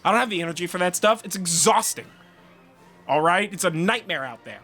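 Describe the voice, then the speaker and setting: A man co-hosting a review podcast, ranting in a profane, animated way and stumbling over restarts. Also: sits high, brisk, faint music behind. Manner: animated and swearing, frequent restarts. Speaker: podcast co-host reviewing a TV series.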